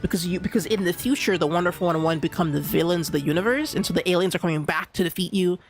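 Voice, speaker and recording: A young man's high, rapid-fire voice runs through rambling game-stream commentary full of restarts and fillers such as "like" and "you know." Game music sits behind his voice throughout.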